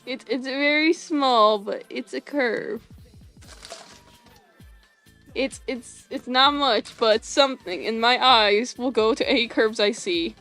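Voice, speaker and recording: A woman's voice: on the high side, a little slow, few pauses, fairly bright tone. A young woman chatting casually on a livestream while she draws, rambling with lots of fillers, restarts and giggles. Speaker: animation streamer. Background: faint music.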